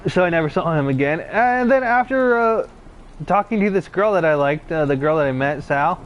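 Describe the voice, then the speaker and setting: Recounting his own stories for his channel, a young man rambles casually with plenty of fillers, restarts and hesitation. His voice is on the high side, the recording's highs are cut off, and there's a little hiss or hum.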